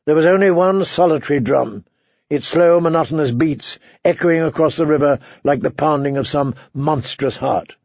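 Gravelly male audiobook narrator. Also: on the high side, moderate pace, a little mellow, no echo, highs cut off. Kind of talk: scripted narration.

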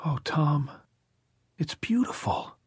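An audiobook narrator voicing a worn-out teenage girl on the edge of hysteria, breathy and high. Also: lively intonation, slow pace, no echo, whispered, studio quality, heavily acted. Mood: overwrought.

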